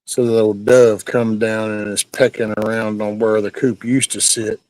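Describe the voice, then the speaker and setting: Rambling easily through a casual livestream from his home by a backyard chicken coop, this middle-aged host breaks off mid-sentence at times to scold his dog. He speaks at normal speed in a fairly low, slightly mellow voice with little pitch movement; the audio is dry and low quality.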